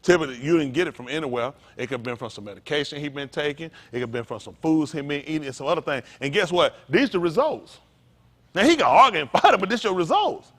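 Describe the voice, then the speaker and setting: Man, pastor, high voice, animated, talks back and forth with the congregation. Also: quick pace. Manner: animated, calls out to the congregation, folksy vernacular. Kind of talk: interactive sermon.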